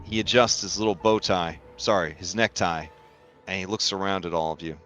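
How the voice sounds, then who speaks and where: A man narrating a tabletop game as game master, in a casual, halting way with many fillers. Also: sits low, fairly even intonation, fairly bright tone, faint music behind.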